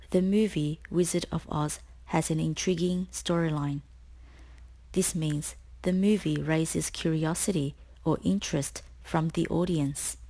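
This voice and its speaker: A woman tutor reading a scripted spelling lesson, explaining each word slowly and clearly. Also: deep voice, warm tone. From Australia. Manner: slow, clear, deliberate explanations.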